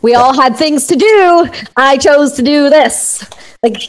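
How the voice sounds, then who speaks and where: A woman hosting a casual conversation, blunt and laughing at dark humor. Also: sits high, a little slow, rough recording. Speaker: podcast host.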